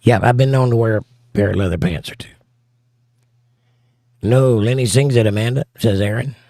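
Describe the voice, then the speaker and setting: On a casual livestream, a man reads out viewer comments and answers them with wry humor, speaking at a normal speed. His mid-range voice is mellow, and the studio-quality audio has no echo.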